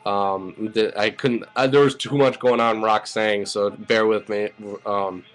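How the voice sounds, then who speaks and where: A man with a fairly low voice runs through a wrestling show recap in a loose, rambling way. He stumbles through restarts and fillers and curses freely. He gets openly worked up as he talks. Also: slow. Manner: rambling, excitable, swears freely. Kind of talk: casual spoken recap.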